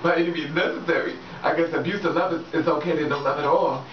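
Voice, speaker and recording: A woman's voice: low-pitched, fairly even intonation, fast. Frank, profane woman vlogging in an echoey room. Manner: frank, profane, laughs often. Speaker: vlogger giving relationship advice. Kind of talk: casual straight-talking vlog. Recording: echoey room, distant dull mic, faint background noise.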